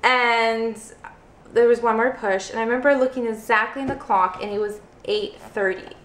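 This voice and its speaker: A young woman vlogger chats through a personal story, dropping "like" into nearly every sentence. Her voice sits a bit high, and the recording carries a roomy echo. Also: fairly even intonation, moderate pace, fairly bright tone. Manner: chatty, heavy use of "like" fillers. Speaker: vlogger, first-time mother. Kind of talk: casual storytelling to camera.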